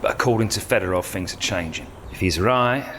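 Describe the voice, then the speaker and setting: Terse operative, played by an actor, very low voice, echoing hall, clear background noise. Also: male voice, a little fast, a bit bright, lightly acted. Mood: grim. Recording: noisy, reverberant hall.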